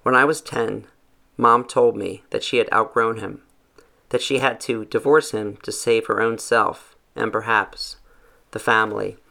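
A man reading a first-person story aloud in a measured, reflective way. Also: lowish voice, fairly even intonation, vocal fry, bright, forceful tone. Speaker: narrator.

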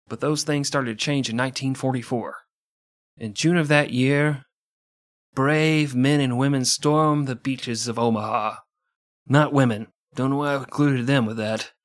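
A man's voice: mid-range voice, fairly bright tone, no echo, studio quality. A man narrating history as a podcast host, with profane, jokey asides. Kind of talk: irreverent comedic history narration.

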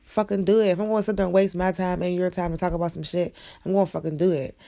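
A woman's voice: on the low side, flat delivery, very fast, vocal fry, dark tone. A young woman ranting bluntly and profanely in a casual monologue. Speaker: vlogger.

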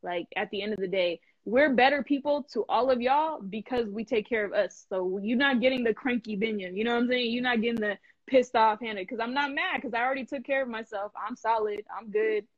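A woman hosting a live stream in casual chat, animated and emphatic, laughing often and full of slang. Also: a little high, brisk, hardly any pauses, no room sound, highs cut off. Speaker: host.

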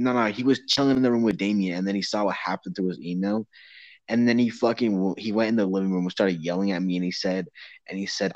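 Low-voiced teen boy on a muffled mic. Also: fairly even intonation, quick pace, a little mellow, dry recording. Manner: rambling, laughing, swearing. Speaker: podcast host. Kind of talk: casual chat among friends. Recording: dull muffled lo-fi sound.

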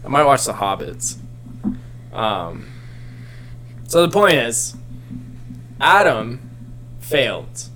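A man in casual chat who retells a story in a rambling, animated way, full of filler words. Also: medium pitch, takes it slowly, pauses often, faint music behind.

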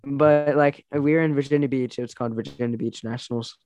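A young man in casual chat, rambling through a story with plenty of "like" and "um" and bursts of laughter. His voice sits at an ordinary middle pitch, recorded close and dry with no room sound. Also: fairly even intonation, fairly quick, a little mellow, dry recording. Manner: rambling, laughing, lots of fillers. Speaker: wrestler telling stories.

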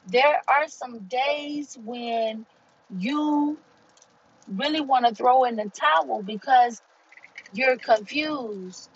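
A woman hosting a podcast, giving an inspirational faith talk in a slow, deliberate, preaching way. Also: sits high, lo-fi sound, a little hiss or hum. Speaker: podcast host.

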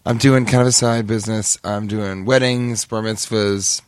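A man's voice: fairly low pitch, fairly even intonation, moderate pace, clean tone, dry recording. Crude riffing male comedy podcaster. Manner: riffs into crude silly bits and sudden loud character voices. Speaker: podcast co-host. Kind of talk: improvised comedy banter.

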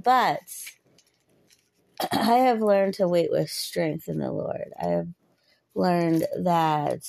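A woman's voice: on the low side, gravelly, a little mellow, no echo. A woman in her thirties talking earnestly and chattily about faith and waiting, often laughing. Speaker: podcaster. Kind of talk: personal faith talk.

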